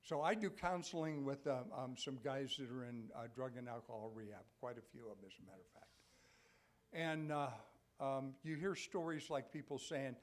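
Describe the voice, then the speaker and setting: An older man preaching a sermon in a church, talking to the congregation in a conversational way, checking in with frequent "okay?" and building to loud, emphatic peaks. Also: mid-range voice, fairly even intonation, normal speed. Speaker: pastor. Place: church sanctuary.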